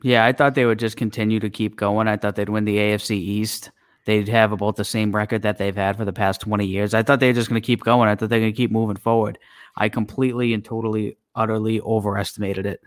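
A man's voice: on the low side, little pitch movement, fast, clean tone, dry recording, clean studio sound. A man co-hosting a casual sports podcast, plain-spoken and agreeable, with some hesitations. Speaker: podcast co-host.

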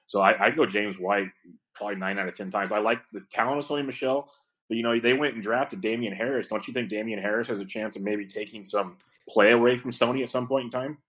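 A man hosting a sports podcast in a relaxed, rambling, casual way. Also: lowish voice. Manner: relaxed, quick, rambling talk. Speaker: podcast host. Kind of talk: casual chat.

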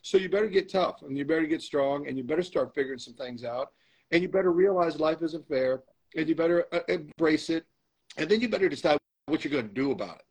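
A man's voice: on the high side, expressive, fast, darkish tone, husky, poor audio. A man being interviewed as a guest, telling a candid story with emphatic, motivational repetition. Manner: emphatic, motivational, repeats phrases for stress.

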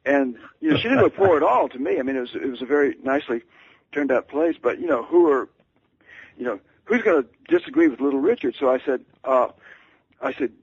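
Gravelly man telling a story with many stammers. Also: medium pitch, animated. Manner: halting, stammering, self-deprecating. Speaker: author guest. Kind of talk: anecdote storytelling on radio. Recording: dull lo-fi radio sound.

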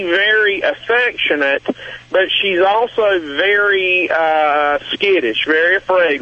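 A man with a Southern US accent calls in, his voice bright and fairly high. He speaks haltingly and pauses often to find his words. The call comes through dull and muffled, like a phone line over the radio. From American South. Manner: halting, hesitant, with many fillers. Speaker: caller.

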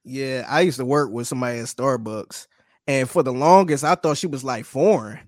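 A man's voice: medium pitch, normal speed, no room sound, clean studio sound. A man co-hosting a podcast, telling casual stories with slang and frequent laughter. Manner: chatty storyteller, laughs often, casual slang. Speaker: podcast co-host.

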